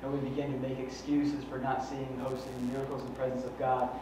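A male pastor preaches a fervent yet conversational sermon packed with rhetorical questions, speaking fast in a monotone, medium-pitched voice. He's recorded from far off in an echoey hall, with dull, faintly noisy sound.

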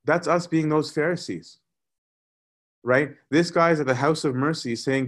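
Man, preacher, conversational sermon, mid pitch, restarts phrases. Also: normal speed. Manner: conversational, repeats words while thinking.

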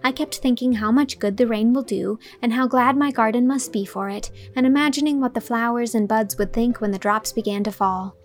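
Woman playing a chatty dreamy teen girl, effusive and dramatic, bit high. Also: natural voice. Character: imaginative chatty teenage girl heroine.

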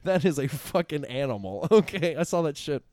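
A man's voice: on the high side, big pitch swings, normal speed, darkish tone. A young man, a podcast guest, rambles through crude stories and laughs often. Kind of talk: casual chat.

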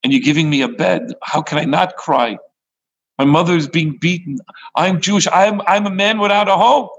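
A man voicing a troubled, earnest teenage boy who has been thrown out of his home, in a husky, gravelly voice close to his own. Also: on the high side, moderate pace, lo-fi sound, slight background noise, close to an everyday voice. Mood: pleading.

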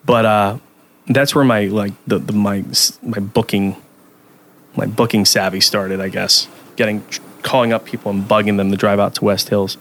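A man's voice: on the low side, little pitch movement, normal speed, a bit bright, a little hiss or hum. A man who is a podcast guest, telling stories in a rambling casual chat full of restarts. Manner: rambling, many restarts and fillers.

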